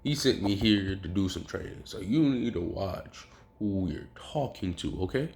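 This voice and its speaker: A man's voice: sits low, animated, normal speed, gravelly, a little mellow. A man voicing a nervous young male hero who is eager to train, stammering and polite. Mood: defiant.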